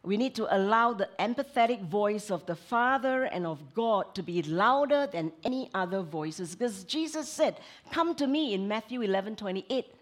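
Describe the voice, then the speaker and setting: A woman who is a counselor, preaching a sermon in an expressive way, moving between emphatic lines and hushed asides. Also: mid-range voice, normal speed, few pauses.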